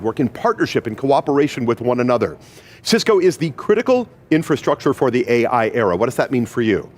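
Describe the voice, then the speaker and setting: A man's voice: medium pitch, darkish tone. A man hosting a live event broadcast, upbeat and enthusiastic as he hands off to co-hosts. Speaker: broadcast host.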